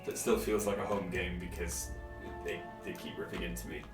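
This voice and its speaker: A man talking casually over a game stream, rambling along with lots of ums and joking about himself. His voice sounds roomy and held back from the mic, with soft game music behind him. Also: low-pitched, fairly even intonation, normal speed, distant mic. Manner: rambling, many fillers, self-deprecating. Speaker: game streamer and dungeon master. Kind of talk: casual let's-play chat.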